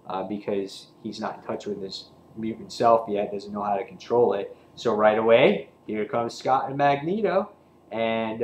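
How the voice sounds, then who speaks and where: Guy gushing about a comic, rambles a lot with ums, roomy echo and a bit of hiss behind him. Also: on the low side. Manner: excited, rambling with many fillers. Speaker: comic book reviewer. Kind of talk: casual review chat.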